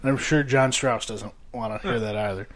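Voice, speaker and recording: A man from New York hosting a casual podcast chat, brisk and dry-humored. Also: mid-range voice, a crowd in the background. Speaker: podcast host.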